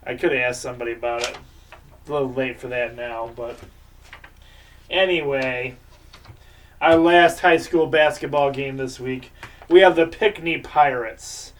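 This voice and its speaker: A man's voice: medium pitch, recorded from a distance, slight background noise. A man hosting a local sports show, giving casual, rambling game picks and previews.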